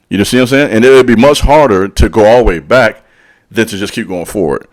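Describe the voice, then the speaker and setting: A man's voice: lowish voice, fast. Guy giving a preachy pep talk straight to you, lots of slang, says things twice to hammer them home. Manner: preachy, direct, calls out the listener; casual street slang, repeats lines for emphasis. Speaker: channel host and spiritual speaker. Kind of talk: motivational monologue.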